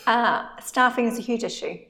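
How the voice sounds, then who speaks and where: A woman's voice: on the high side, normal speed, vocal fry, sharp tone, rough recording. An Australian woman co-hosting a casual podcast, talking chattily with lots of fillers and restarts as she gives salon business advice.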